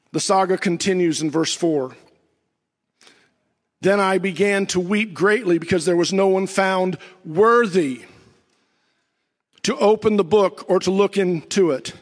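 High-voiced preacher in an echoing hall. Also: male voice. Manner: preaching with dramatic pauses, rising to near-shouts and dropping low. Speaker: pastor. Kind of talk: sermon.

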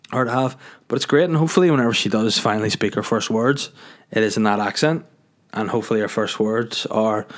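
A man with a Northern Irish accent who hosts a podcast and talks in a rambling, jokey way, full of filler words. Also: medium pitch. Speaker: podcast host. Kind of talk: casual podcast monologue.

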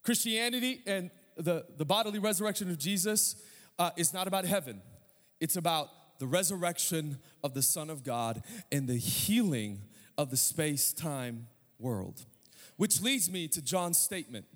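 High-voiced man preaching in a hall. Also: expressive, normal speed, a bit bright. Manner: emphatic preaching, rhetorical questions to the congregation. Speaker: pastor. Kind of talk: sermon. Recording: long hall reverb.

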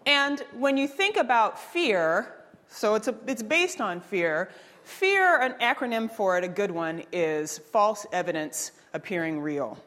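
An animated woman speaker with a mid-range voice that leaps up and down as she drives her points home. She quizzes the room and preaches with energy. The sound carries a long hall reverb and wanders off the mic at times. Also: medium pitch, measured pace. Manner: energetic, preachy, asks the audience questions. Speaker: workshop speaker. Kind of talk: live workshop talk to an audience.

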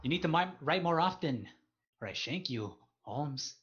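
A man's voice: on the high side, lively intonation, normal speed, a bit bright, lo-fi sound. A man doing a put-on Mexican accent as a menacing street tough, with broken English and slang. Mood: mock threatening. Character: mock tough Mexican street guy, male, threatening. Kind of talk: podcast banter.

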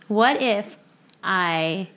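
A woman in casual podcast chat, halting and deadpan as she tells stories. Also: mid-range voice.

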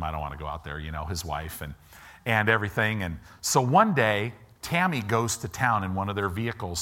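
Bright-voiced pastor telling a story. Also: male voice, on the low side. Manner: animated storyteller, acts out quoted voices; informal, asides to the audience. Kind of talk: storytelling sermon. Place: church.

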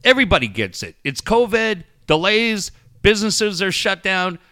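A man's voice: high-pitched, very animated, moderate pace, sharp tone, dry recording, studio quality. A man hosting a podcast, ranting and telling stories in casual, profane chat and mocking other people's voices. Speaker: podcast host.

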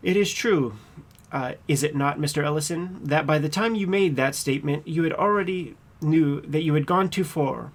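A man playing a persistent trial attorney who cross-examines a witness in a measured, pointed way, reading from a court transcript. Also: a little high. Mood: pressing.

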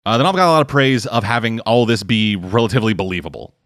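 A man's voice: on the low side, fast, fairly bright tone, dry recording, studio quality. Rambling, profane casual man. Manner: rambling, swearing, lots of fillers. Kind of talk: casual chat.

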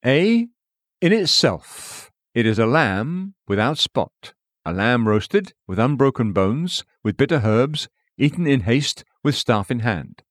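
Man reading a devotional text, lively pitch. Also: no echo, clean studio sound. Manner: measured, quoting scripture and verse references. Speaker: audiobook narrator.

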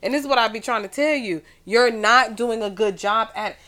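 Woman, New York accent, podcast co-host, blunt, profane, emphatic, higher-pitched voice. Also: brisk, sharp tone. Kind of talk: casual chat.

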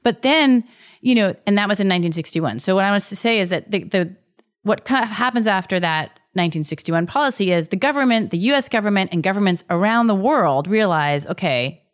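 A middle-aged woman, an author and interview guest, explaining at length in an animated way, often restarting her sentences. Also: medium pitch, fairly quick. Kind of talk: conversational interview.

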